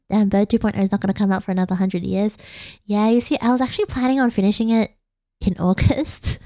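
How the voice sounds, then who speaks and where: A woman's voice: fairly high pitch, animated, normal speed, long pauses, darkish tone, dry recording, clean studio sound. A young woman from Australia, a vtuber chatting playfully late at night, giggling and rambling. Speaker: vtuber streamer. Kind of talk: casual late-night chat.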